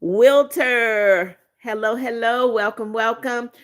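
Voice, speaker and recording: A woman in her seventies with a somewhat high voice chats casually on a livestream. She reads viewer comments aloud and answers them in a playful, teasing way. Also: takes it slowly. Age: 70s. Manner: playful, teasing, frequent laughs. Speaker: livestream host.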